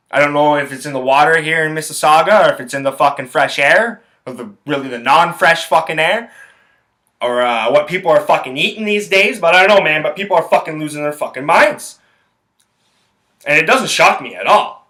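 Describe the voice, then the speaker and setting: Guy ranting on his podcast, swears constantly, kinda high voice with a bright forceful edge. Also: fairly quick. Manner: profane, blunt, rambling storyteller. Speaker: podcast host. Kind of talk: solo podcast rant.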